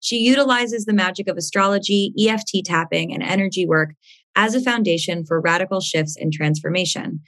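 A woman's voice: lowish voice, fairly quick, fairly bright tone. A young woman hosting an astrology podcast, gushing and rambling in casual chat, laughing often.

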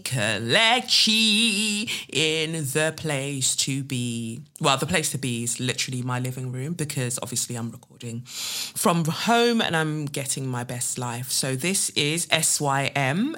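A woman talks through her podcast from her living room. Her voice is bright and forward. She chats in a loose, playful way, mixing jokes with earnest spiritual talk and a tarot reading. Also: low-pitched. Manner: chatty, playful and animated, with spiritual asides. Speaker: podcast host.

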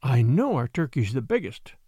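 A man voicing a worried, gentle little girl in an old storybook tale, asking soft, uneasy questions. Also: medium pitch, sing-song, normal speed, husky, no room sound, studio quality, voice pushed down. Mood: anxious. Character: anxious, gentle little girl clutching her doll.

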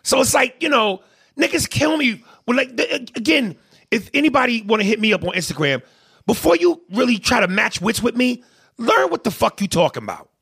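A man ranting in a heated, profane podcast conversation, swinging between loud bursts and quiet asides. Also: very high-pitched, big pitch swings, fairly quick, vocal fry, slightly rough. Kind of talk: heated casual rant.

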